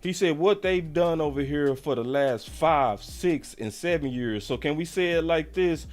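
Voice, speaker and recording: A man hosting a sports channel, talking excitedly, repeating himself and throwing in mocking exclamations. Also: fairly high pitch, normal speed. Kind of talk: animated live-stream commentary.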